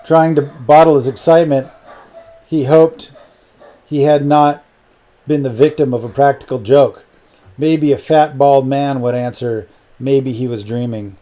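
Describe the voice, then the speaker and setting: A man narrating an audiobook novel in a steady, matter-of-fact way. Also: medium pitch. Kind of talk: scripted narration.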